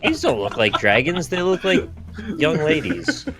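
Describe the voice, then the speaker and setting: A man's voice: on the high side, huge pitch swings, a little slow. A man asking wry, puzzled questions while chatting on a game stream. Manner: quizzical, wry. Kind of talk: casual game-stream banter.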